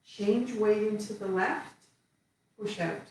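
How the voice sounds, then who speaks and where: A woman leads a qigong class, calling out each movement slowly and calmly as she performs it. Her voice rings in a very echoey room and sits well back from the mic. A faint hiss of room noise runs underneath. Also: mid-range voice, distant mic. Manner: calm step-by-step cueing while moving. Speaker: qigong instructor.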